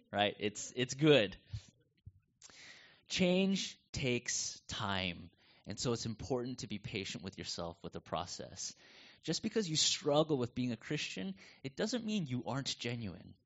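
Pastor with a North American accent. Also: male voice, a little high, normal speed. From United States. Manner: conversational, animated storytelling. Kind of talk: sermon. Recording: dull lo-fi sound.

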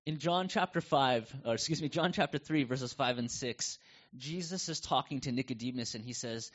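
In dull lo-fi audio, a middle-aged pastor from the United States preaches conversationally and tells stories with animation in a North American accent. His mid-range voice has a fairly bright tone and moves at a moderate pace.

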